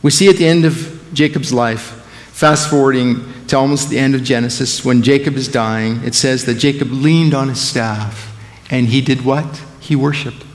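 A man preaching a sermon and praying over a congregation, swinging between loud emphatic lines and hushed, intimate phrases. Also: mid-range voice, fairly even intonation, normal speed, in a large hall. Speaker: guest preacher. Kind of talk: sermon and prayer. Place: church sanctuary.

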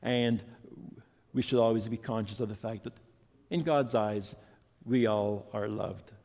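A man's voice: lowish voice, fairly even intonation, measured pace, darkish tone. A man preaching a sermon earnestly and reading a story to his congregation. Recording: long hall reverb.

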